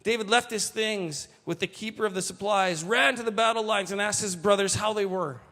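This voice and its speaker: Male pastor, high-pitched, animated sermon delivery, reverberant hall. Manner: animated, slows for quoted lines, asides to the congregation. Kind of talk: sermon reading and commenting on scripture.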